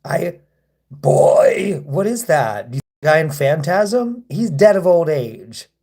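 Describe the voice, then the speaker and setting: Slow and sing-song, with a high-leaning, gravelly, dark voice, a man reads viewer comments on a live stream and responds. He provokes his hecklers, mocking and cursing them.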